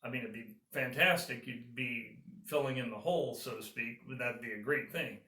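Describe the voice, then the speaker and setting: A man's voice: mid-range voice, moderate pace, pushed and bright, roomy sound, far from the mic. A man, a business consultant, giving earnest, encouraging advice and walking through steps one by one. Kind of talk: advice talk to camera.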